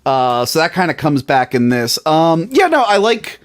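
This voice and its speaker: A man co-hosting a podcast, talking in a casual, animated way, often laughing and saying "like". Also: on the high side. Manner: animated, quick to laugh, lots of "like". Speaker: podcast co-host. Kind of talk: casual chat.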